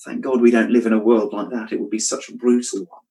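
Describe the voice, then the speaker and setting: A man preaching a sermon, thoughtful and measured, dropping his voice quietly when quoting scripture. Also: mid-range voice, flat delivery, rough recording. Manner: reflective, drops to a hush on quoted scripture.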